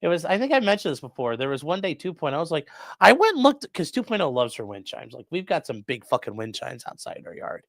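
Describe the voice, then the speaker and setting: A man's voice: medium pitch, very animated, fast, vocal fry, few pauses, no room sound, clean studio sound. A man who is a defense attorney, casually commenting on a livestream and reading chat messages aloud in a loose, profane way.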